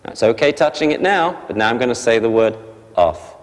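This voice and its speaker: A man teaching a dog training class, explaining briskly and barking short sharp commands at the dogs. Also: mid-range voice, expressive. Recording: long hall reverb.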